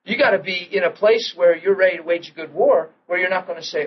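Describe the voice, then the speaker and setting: Animated high-voiced man preaching. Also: fast talker, hardly any pauses, slightly rough. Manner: animated storytelling, acting out quotes, laughing. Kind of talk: sermon. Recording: dull lo-fi archival audio with faint hiss.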